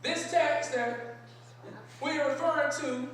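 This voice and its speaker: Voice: high voice, a little slow, a bit bright, heavy reverb, a little hiss or hum. A preacher delivering a sermon in a large synagogue sanctuary, asking rhetorical questions and repeating key phrases, recorded from a distance.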